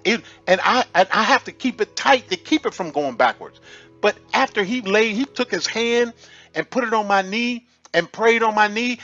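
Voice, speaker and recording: A man telling a personal testimony in an animated, storytelling way, laughing often and restarting his sentences. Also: sits high, a little slow, highs cut off, soft background music. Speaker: testimony vlogger. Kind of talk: casual spoken testimony.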